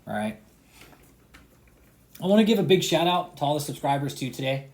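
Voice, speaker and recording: A man's voice: very animated, fairly quick. Man ranting with heavy profanity, roomy echo. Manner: swears constantly, repeats himself, swings from shouting to low sarcastic mutter. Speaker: online commentator. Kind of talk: heated profane rant to subscribers.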